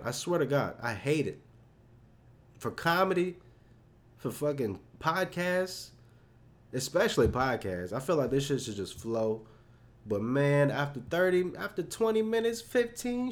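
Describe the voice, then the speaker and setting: A young man with a medium-pitched voice hosts a solo podcast, rambling off the cuff. His delivery is loose, profane and self-deprecating, packed with fillers.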